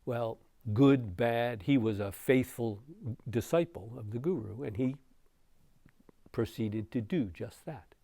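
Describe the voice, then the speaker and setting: A man giving a dharma talk as a meditation teacher, telling a story in an unhurried way with soft chuckles. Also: mid-range voice, gravelly, no echo.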